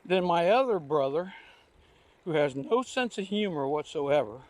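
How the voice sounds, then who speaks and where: An older man's expressive voice sits on the high side and unfolds unhurriedly. He's a vlogger casually recounting rambling, folksy anecdotes in homespun speech during an outdoor recumbent trike ride.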